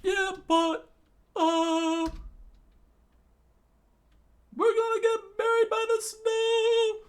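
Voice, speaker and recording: A man voicing a frantic, dramatic young male cook in a shrill, shrieking falsetto. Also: level tone, extremely slow, heavily acted. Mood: shrieking panic.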